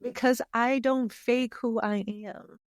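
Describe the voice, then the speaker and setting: A woman speaking as a podcast guest in casual conversation, openly emotional and expressive, talking in quick bursts. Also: on the high side, dry recording, studio quality.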